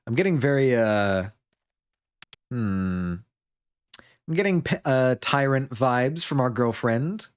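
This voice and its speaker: A man's voice: mid-range voice, expressive, slow pace, pauses often, clean tone. A man streaming a video game live, chatting casually, joking, laughing, and reading viewer messages aloud.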